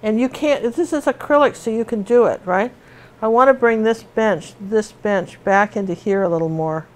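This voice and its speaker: A woman's voice: fairly high pitch, normal speed, a little mellow. Chatty middle-aged woman painting teacher. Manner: chatty and rambling, with many fillers and restarts. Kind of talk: casual tutorial chat while painting.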